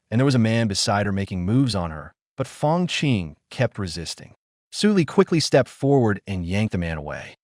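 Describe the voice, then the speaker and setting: Male narrator, scripted dramatic story, low voice, lively pitch, dry close sound. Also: dry recording.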